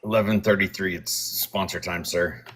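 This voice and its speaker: A man working as a show producer, briskly reading sponsor copy like an announcer. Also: sits low, fairly even intonation, fairly bright tone, slightly rough.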